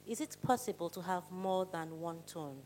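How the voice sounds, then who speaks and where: A woman's voice: on the low side, normal speed, warm tone, a little hiss or hum. A woman in a singing class asking the coach a question.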